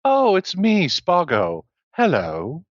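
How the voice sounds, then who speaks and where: A man's voice: on the high side, huge pitch swings, takes it slowly, no room sound, highs cut off, pitched above the performer's own voice, full character voice. Man playing a robot faking a warden's voice. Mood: fake-friendly.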